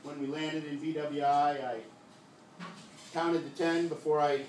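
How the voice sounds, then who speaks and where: Older guy telling a story onstage, deadpan punchlines, echoey room, mic far off. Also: a little high, measured pace, a little hiss or hum. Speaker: comedian. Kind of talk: live one-man stage comedy monologue. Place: live theater stage.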